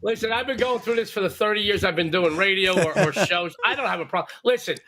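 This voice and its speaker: An older man giving sports betting picks in a loud, brash, self-mocking way. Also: sits high, fast talker. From Sicilian heritage.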